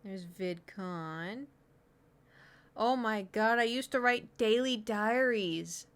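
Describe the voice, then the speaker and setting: A woman's voice: medium pitch, slow pace, a bit bright, clean tone. A woman in her thirties from Oklahoma, streaming as she reads her old diary entries aloud in a giggly, self-mocking way. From Oklahoma, USA. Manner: giggly, self-mocking, chatty with many fillers.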